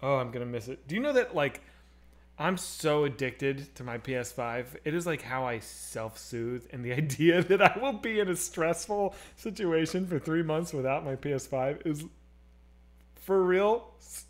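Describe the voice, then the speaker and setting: A man in his thirties hosting a casual live stream, joking and swearing as he reads chat, swinging between loud and quiet. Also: a little high, normal speed. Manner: animated, swearing, jokey, swings loud and soft. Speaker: streamer host.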